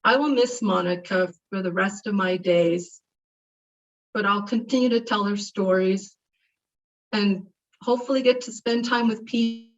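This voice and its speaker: A woman's voice: medium pitch, unhurried. A middle-aged woman delivering a heartfelt memorial eulogy, reminiscing about a dear friend. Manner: heartfelt, reminiscing, animated when retelling stories. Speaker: eulogy speaker. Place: memorial service. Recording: distant, muffled mic.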